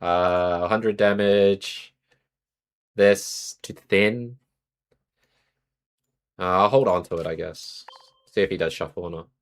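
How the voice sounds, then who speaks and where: Speaking slowly in a low-pitched voice with fairly even intonation and frequent pauses, a young Australian man streams a card game. He chats casually with viewers while mulling over his moves aloud.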